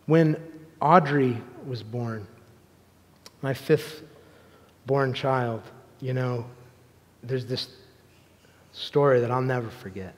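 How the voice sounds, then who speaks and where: A pastor in his thirties preaching a sermon, moving between loud, emphatic appeals and soft, hushed storytelling. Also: medium pitch, slow, pauses often. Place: church sanctuary. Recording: long hall reverb.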